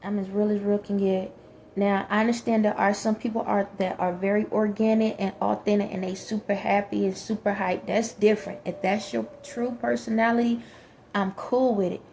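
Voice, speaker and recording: A woman's voice: mid-range voice, level tone, normal speed, creaky, darkish tone, a little hiss or hum. A woman talking frankly and emphatically in a casual monologue, with many fillers. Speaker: vlogger.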